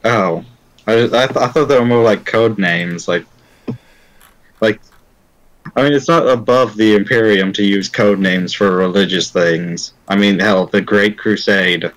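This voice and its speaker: A man's voice: fairly low pitch, unhurried, a bit bright, rough recording. A man playing a tabletop role-playing game, speaking hesitantly with frequent restarts as he plays his character. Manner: hesitant, rambling, full of restarts. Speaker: player. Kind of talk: casual tabletop role-play.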